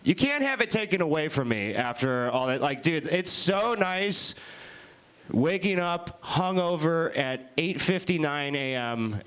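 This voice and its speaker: A young man improvises stand-up at a live comedy night, speaking into a stage microphone. He rambles, swears freely and laughs at his own stories, with a voice that sits a little high. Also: lively intonation, a little slow, a bit bright, clear, resonant tone. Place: winery comedy show with live audience.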